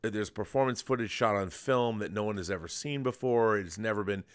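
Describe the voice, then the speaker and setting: A man's voice: fairly low pitch, brisk. A middle-aged man hosting a podcast, chatting casually and enthusiastically about films, rambling with restarts. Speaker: podcast host. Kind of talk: casual film chat.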